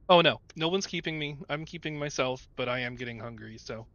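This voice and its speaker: A man's voice: a little high, fairly bright tone, dry recording. Rambling, affectionate male streamer signing off. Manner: rambling, affectionate, with filler words. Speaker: game streamer. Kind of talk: casual stream sign-off. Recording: muffled lo-fi audio with faint music. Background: faint background music.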